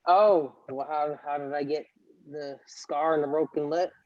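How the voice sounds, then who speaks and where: A young man tells a story in an animated, chatty way, acting out quotes and laughing as he goes. His voice sits a little high. The sound is dry and a bit dull, as from a lo-fi mic. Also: unhurried, no echo. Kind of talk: casual chat, storytelling.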